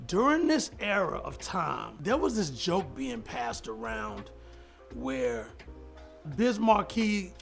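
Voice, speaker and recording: A man's voice: fairly high pitch, vocal fry, fairly bright tone. A middle-aged man telling a studio story in an interview clip, acting out quotes in a raised voice and laughing often. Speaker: hip-hop producer telling a studio story.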